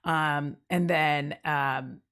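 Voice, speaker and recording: A woman talks casually to her stream viewers while sick, her voice pushed lower and rougher by a cough. She rambles from one thing to the next, laughing often and leaning on fillers. Her voice sits somewhat low for a woman. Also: fairly even intonation, drawn-out words, a bit bright.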